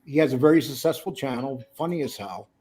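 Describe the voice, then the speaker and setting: A man's voice: mid-range voice, fast, mellow, husky. Rambling, joking male host. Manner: rambling, teasing, with many fillers. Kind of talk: casual live-stream chat.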